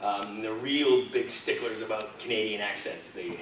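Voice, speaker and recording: At a convention panel, a male guest shares chatty anecdotes in a lowish, steady voice at normal speed, with a slightly bright tone. Filmed from the audience seats, the audio is distant and echoey, with slight background noise.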